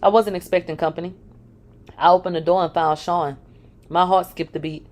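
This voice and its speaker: A woman with a fairly low, darkish voice reads from a first-person memoir at a moderate pace and a steady tone. Her delivery is candid, punctuated by dry sarcastic remarks.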